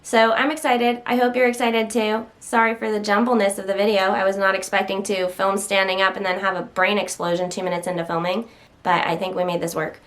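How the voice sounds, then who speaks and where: A woman's voice: medium pitch, little pitch movement, fairly quick, a bit bright. A woman casually chatting to the camera at home while standing, slightly out of breath, rambling and interrupting herself with occasional stutters. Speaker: health vlogger.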